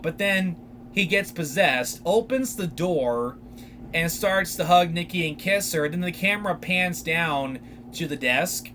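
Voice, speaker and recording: Young male podcast host with a high voice, unhurried, rambling and excitable as he recaps a movie. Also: slight background noise. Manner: animated, rambling retelling with many fillers. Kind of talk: casual solo film recap.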